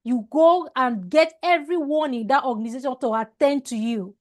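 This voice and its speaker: High-voiced emphatic woman trainer. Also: normal speed, darkish tone. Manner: emphatic, repeats words, restarts phrases, asks "All right?". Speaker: customer service trainer. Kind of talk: online training lecture.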